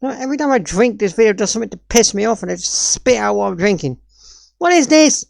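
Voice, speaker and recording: A woman's voice: medium pitch, fast, vocal fry, no echo, studio quality. A woman, ranting in sweary exasperation while reacting on a live stream.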